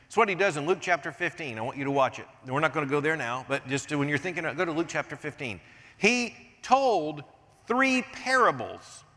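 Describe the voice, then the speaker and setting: An older American man preaching a sermon as pastor, swinging from hushed asides to emphatic points. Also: on the high side. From United States. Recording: long reverb of a large hall.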